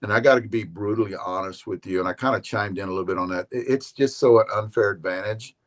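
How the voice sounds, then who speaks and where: A man's voice: lowish voice, fast. A man in casual chat as a regular guest on a live show. He rambles in a laid-back way, swears casually and often repeats his words.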